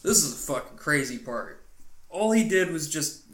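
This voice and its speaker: A man's voice: a little high, big pitch swings, moderate pace, a bit bright. A man co-hosting a podcast, retelling a film plot in a rambling, profane, casual way. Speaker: podcast co-host. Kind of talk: casual movie recap. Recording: roomy echo.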